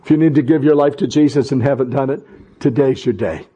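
This sermon comes from a middle-aged male pastor speaking fast in a medium-pitched, slightly rough voice on a muffled recording. He is fervent and repetitive, climbing to loud exhortation and faltering into restarts during asides.

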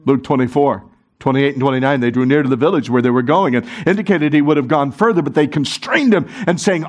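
A middle-aged man preaching a sermon, animated and urging the congregation to join in. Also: mid-range voice, quick pace. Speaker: pastor.

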